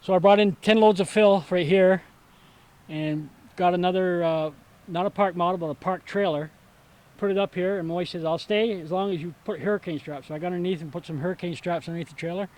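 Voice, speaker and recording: Older man, folksy high-voiced storyteller. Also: fairly even intonation, a little mellow, poor audio. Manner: folksy storyteller, halting with fillers. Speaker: vegetable stand owner. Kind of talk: casual chat on a walking tour. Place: outdoors at a rural home.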